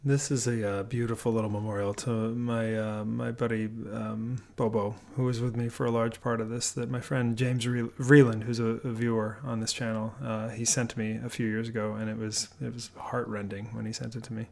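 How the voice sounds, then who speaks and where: Here the homebuilding vlogger talks through a house-tour voiceover at normal speed, barely pausing, his middle-pitched voice carrying a gravelly fry. The delivery stays loose and wandering, with lots of fillers and restarts, recorded in his home office.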